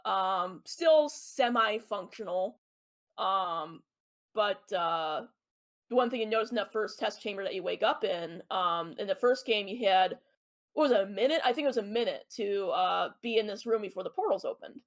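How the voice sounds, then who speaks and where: A woman's voice: mid-range voice, expressive, normal speed. A woman co-hosting a podcast, explaining at length in casual chat with many ums and uhs. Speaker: podcast co-host. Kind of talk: casual chat about a video game.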